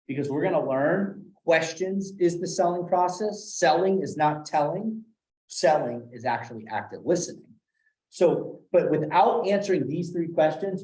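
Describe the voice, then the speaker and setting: A man running a live sales training session, animated, acting out different tones of voice as examples. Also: a little high. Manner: animated, demonstrates tones with acted quotes. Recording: echoey room.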